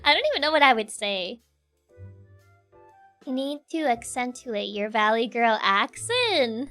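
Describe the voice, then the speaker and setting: Young streamer woman, Spanish accent, bouncy pitch, playful laughing chat. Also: a little slow, long pauses, faint music behind. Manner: giggly, animated, playful. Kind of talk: casual chat, reading chat aloud.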